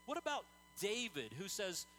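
A man's voice: high voice, sing-song, normal speed, sharp tone, slight background noise, rough recording. A man preaching a sermon in an earnest, conversational way, telling stories with many fillers and restarts.

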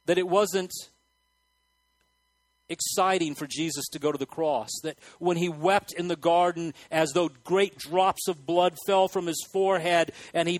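High-voiced man preaching with lively swings. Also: no echo, low-quality recording. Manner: animated preaching with sudden loud acted outbursts and quiet asides. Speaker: pastor. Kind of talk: sermon. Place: church hall with congregation.

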